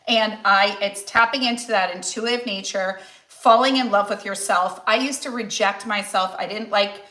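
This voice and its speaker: A woman's voice: mid-range voice, moderate pace, pushed and bright, roomy sound. A woman in her forties, a nutritionist and weight loss coach, chatting casually and encouragingly on a cooking livestream with many restarts. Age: 40s.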